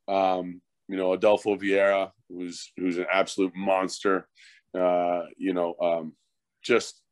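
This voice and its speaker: Deep-voiced, profane storytelling man. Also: dry recording. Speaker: former hockey fighter turned coach. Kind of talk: casual podcast storytelling.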